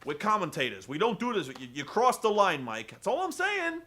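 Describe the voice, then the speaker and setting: A man putting on a preachy male commentator who stammers and hedges while scolding. His voice stays bright and lively in pitch. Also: full character voice. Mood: disapproving. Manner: halting, stammering, lecturing.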